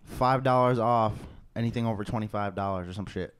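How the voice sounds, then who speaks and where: A young man co-hosting a podcast talks in quick, rambling bursts, packing his stories with fillers and swear words. His voice sits a little low, and he rushes from one thought to the next. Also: clean tone. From New England, US. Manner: rambling, swears a lot, lots of "like". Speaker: podcast co-host. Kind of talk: casual chat.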